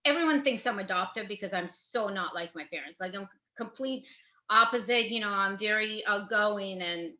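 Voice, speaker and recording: A woman from Ukraine chatting casually as a comedy guest, animated and rambling with a self-deprecating streak. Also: medium pitch, moderate pace. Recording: echoey dull-sounding room.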